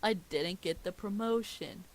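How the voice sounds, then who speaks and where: A woman's voice: medium pitch, a little slow, a little hiss or hum, close to an everyday voice, rough recording. A woman reading the lines of an eager, childlike cartoon sea sponge. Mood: mixed.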